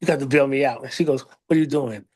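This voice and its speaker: A middle-aged American man telling a story in a casual interview, animated, acting out other people in a raised voice. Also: medium pitch, fast. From United States. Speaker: librarian, interview guest.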